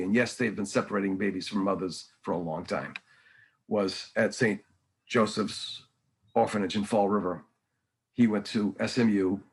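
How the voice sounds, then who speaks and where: Older guy on a podcast, lots of ums and restarts, rambling stories, mid-pitched voice. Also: rough recording. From New England. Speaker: podcast guest, painter. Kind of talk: casual conversational interview.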